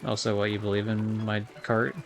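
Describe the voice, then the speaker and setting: A man's voice: fairly low pitch, completely flat delivery, moderate pace, creaky. A young man streaming a kart racing game, chatting casually in a rambling way, full of fillers and swearing. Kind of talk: casual gameplay commentary.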